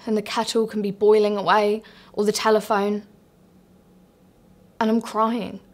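A woman playing a grieving woman, speaking haltingly and rising into raw outbursts of loss and anger. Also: medium pitch, flat delivery, natural voice. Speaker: actress. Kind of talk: dramatic monologue.

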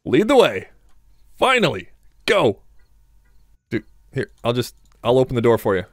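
A man's voice: mid-range voice, wildly swooping pitch, a little slow, no room sound, clean studio sound. A young man doing crude, joking let's play commentary, laughing and talking back to game characters. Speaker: gamer.

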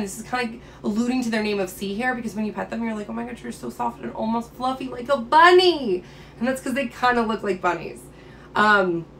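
A woman's voice: fairly high pitch, fairly bright tone, slight background noise. A woman biology teacher giving a casual, enthusiastic and playful lecture.

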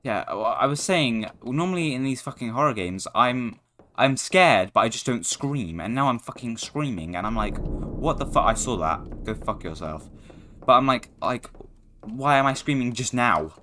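A young man giving foul-mouthed, excitable commentary while playing a horror game, yelling at what scares him. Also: medium pitch, moderate pace. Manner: swearing, excitable, shouting at the game. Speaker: gaming YouTuber.

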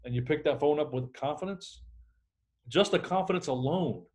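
A man's voice: a little high, moderate pace, darkish tone. A middle-aged man, a sales trainer, talking energetically in a podcast interview and acting out phone calls.

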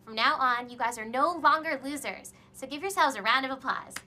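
A woman's voice: high voice, brisk, heavy background noise, natural voice. An actress playing a bubbly, gossipy, self-absorbed young office woman in a sitcom, talking in chirpy, breathless chatter. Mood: bossy. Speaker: office customer service rep. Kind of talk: sitcom acting.

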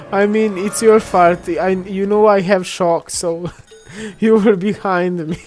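A woman's voice: mid-range voice, takes it slowly, darkish tone, soft background music. A young woman giving casual, chatty gameplay commentary, often giggling and teasing other players. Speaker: gamer.

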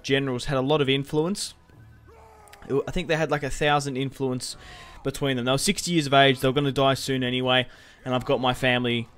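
A man's voice: mid-range voice, fairly bright tone, clean tone. A young man giving casual, rambling commentary over a strategy game, restarting sentences and swearing freely. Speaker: gaming video host.

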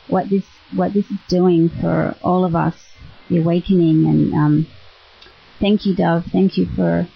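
A woman with an Australian accent, a spiritual teacher greeting online listeners in a warm, chatty way and often laughing. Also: lowish voice, creaky, husky. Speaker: spiritual teacher on internet radio. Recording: dull lo-fi web radio audio.

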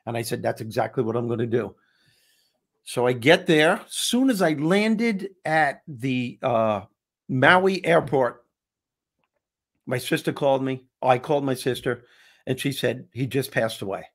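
A man hosting a talk show, telling a personal story in a lively way with frequent restarts. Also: mid-range voice, a little slow. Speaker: host. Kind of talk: casual storytelling chat.

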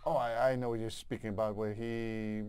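A man co-hosting a casual film review chat, giving opinionated, lively critiques with frequent restarts. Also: fairly low pitch, a little fast, clear, resonant tone. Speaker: co-host.

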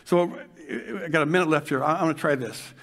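An older man preaching a sermon, moving from fervent shouting to hushed guided imagining. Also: on the high side, steady tone, fast talker. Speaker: pastor.

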